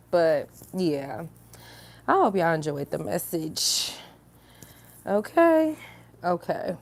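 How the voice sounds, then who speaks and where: A woman's voice: fairly low pitch, very animated, slow, pauses often, no room sound. A sleepy woman in a casual, giggly sign-off chat to her viewers. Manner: giggly and silly, breaks into laughter. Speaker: online inspirational speaker.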